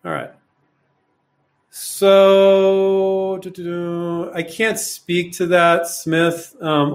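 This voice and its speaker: A man's voice: mid-range voice, a bit bright. A man hosting a live Q&A, answering viewers' questions in a blunt, rambling way with plenty of fillers and rhetorical questions. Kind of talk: casual live Q&A coaching.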